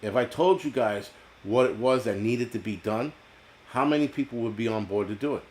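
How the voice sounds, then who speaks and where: Brief: blunt, cursing stream host, middle-pitched, rambling rant. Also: male voice, moderate pace, darkish tone, a little hiss or hum. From United States. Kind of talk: ranting live-stream talk reading chat.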